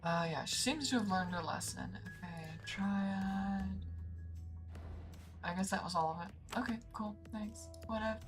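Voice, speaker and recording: A woman's voice: medium pitch, measured pace, music in the background. A woman hosting a let's play, chatting casually between reading game dialogue aloud. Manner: chatty, warm-hearted asides, reads dialogue aloud.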